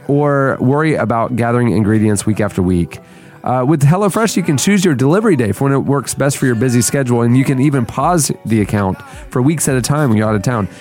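A man's voice: medium pitch, expressive, quick pace, darkish tone, soft background music. A man hosting a podcast, running segments and reading an ad in an upbeat, casual way. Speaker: podcast host. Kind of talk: casual podcast chat and read ads.

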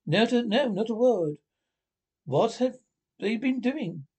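A man putting on an excitable, vain old toad. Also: high-pitched, a little slow, gravelly, breathy edge, heavily acted. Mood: anxious. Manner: fretful, gushing speech full of restarts. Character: vain, excitable male toad, now humbled. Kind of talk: storybook character voice.

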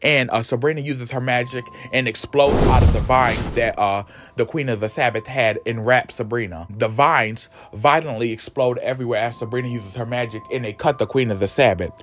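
A man's voice: medium pitch, brisk, hardly any pauses, fairly bright tone, soft background music. Dramatic, chatty male storyteller. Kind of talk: casual storytelling recap.

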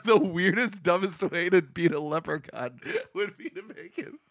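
A man hosting a podcast, casually recapping a movie with frequent laughter and lively put-on quotes. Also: sits high, moderate pace, crowd noise. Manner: laughs often, animated retelling with put-on quotes. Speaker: podcast host.

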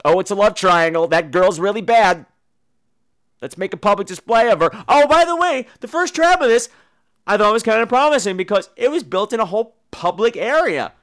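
A man's voice: sits high, expressive, brisk, a bit bright. A man hosting a podcast, reviewing movies in a profane, sarcastic comedic rant. He swears freely and mimics the people he talks about. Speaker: podcast host reviewing films.

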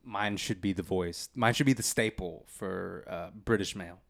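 A man's voice: low-pitched, normal speed, vocal fry, fairly bright tone. A man co-hosting a podcast in casual chat, joking and laughing often. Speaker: podcast co-host.

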